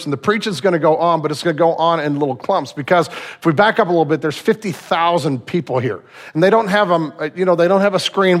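A man preaching a sermon to his church congregation in a conversational, self-deprecating way, joking with the listeners. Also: fairly high pitch. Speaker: pastor. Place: church sanctuary.

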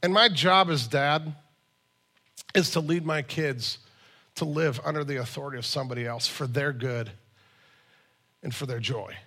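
A man's voice: mid-range voice, moderate pace, pauses often, pushed and bright. A man in his forties preaching a sermon in a conversational, storytelling way, with emphatic asides. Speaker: pastor.

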